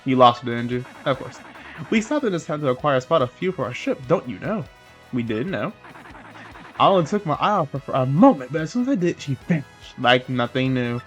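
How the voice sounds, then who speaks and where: A man's voice: medium pitch, very animated, fairly quick, a bit bright, soft background music. A man voicing a fussy, very proper old male mushroom steward with pompous, old-fashioned speech. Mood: fretful.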